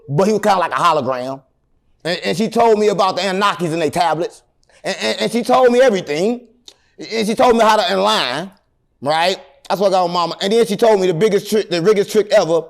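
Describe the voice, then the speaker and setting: A man tells long, rambling stories in a casual interview. He is animated and jokes with a straight face. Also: high voice, quick pace. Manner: animated, rambling, deadpan joking. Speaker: interview guest.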